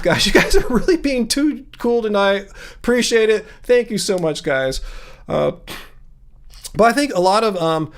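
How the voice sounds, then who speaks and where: A man in his fifties hosting a casual livestream from a home music studio, with a sing-song baritone voice that leaps high to stress words. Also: animated, normal speed. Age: 50s. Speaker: livestream host.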